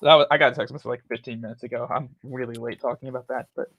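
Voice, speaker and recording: A man's voice: medium pitch, fairly even intonation, racing, dry recording, muffled recording. A rambling, chatty man hosting a casual talk stream, laughing often. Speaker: host. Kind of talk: casual chat.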